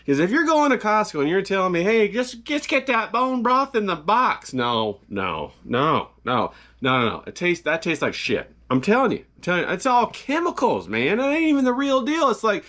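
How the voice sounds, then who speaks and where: Male home-cook vlogger, high-ish voice that leaps all over, loose and swearing. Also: huge pitch swings, fairly quick, hardly any pauses, a bit bright. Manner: rowdy, folksy and profane, rambling asides to the viewer and cameraman. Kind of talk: casual cooking vlog. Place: home kitchen.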